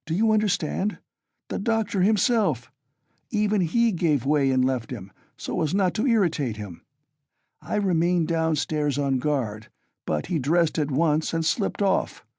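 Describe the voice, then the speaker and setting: A man's voice: a little high, expressive, a little slow, vocal fry, darkish tone, no echo, pitched above the performer's own voice, full character voice. A man voicing a tipsy, blustering young male friend in an audiobook reading. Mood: urgent. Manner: blustering, roaring.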